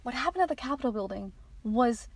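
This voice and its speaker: A woman's voice: on the high side, animated, a little fast, gravelly, rough recording. Candid, swearing young American woman podcaster. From United States. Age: late teens. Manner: candid, swearing, rambling with restarts. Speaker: podcast host. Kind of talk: solo podcast monologue. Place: inside a parked car.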